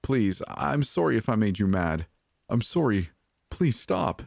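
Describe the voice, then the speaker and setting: A man voicing a frightened young woman in a storybook horror reading, high and pleading. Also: animated, normal speed, dry recording, studio quality. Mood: terrified.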